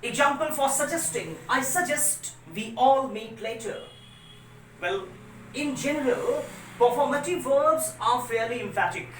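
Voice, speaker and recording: A woman's voice: high-pitched, unhurried, far from the mic, slight background noise. A woman teaching a grammar lesson, repeating rules earnestly and urging students to understand. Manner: repetitive, earnest explaining, stressing rules. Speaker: English teacher. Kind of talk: classroom lecture on grammar. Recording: roomy sound, voice away from mic.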